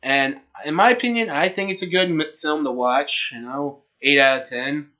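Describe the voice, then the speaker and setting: Man, podcast co-host, casual rambling recap, sharp forceful tone, dull lo-fi sound. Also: a little high, normal speed. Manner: retells a film plot loosely, with restarts. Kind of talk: casual chat. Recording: dull lo-fi recording.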